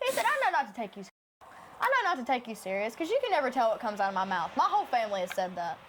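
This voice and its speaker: A woman's voice: fairly high pitch, sing-song, racing, slight background noise. A young woman with a Tennessee accent chatting on a podcast, a scatterbrained and crude storyteller. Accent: Southern US, Tennessee. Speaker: podcast guest. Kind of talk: casual podcast chat.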